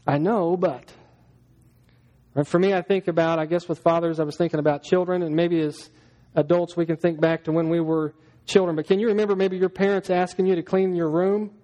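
High-voiced pastor preaching in a hall. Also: male voice, dark tone, dull audio. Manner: conversational, plays out everyday scenes in little voices. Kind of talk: sermon. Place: church hall. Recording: long hall reverb.

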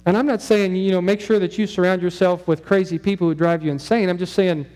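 A man's voice: high voice, steady tone, quick pace, darkish tone. A middle-aged man as pastor preaching a conversational sermon, often asking the congregation questions.

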